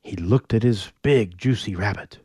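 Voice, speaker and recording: A man narrating a myth in a playful, very animated storytelling manner. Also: fairly low pitch, moderate pace, husky, no echo, studio quality.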